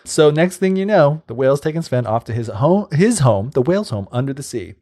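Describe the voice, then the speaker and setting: A man's voice: fairly high pitch, sing-song, a little fast, few pauses, dark tone. A man co-hosting a podcast, retelling a fairy tale in a rambling, casual way full of "like" and side remarks. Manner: rambling, many likes and asides. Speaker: podcast co-host. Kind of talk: casual storytelling chat.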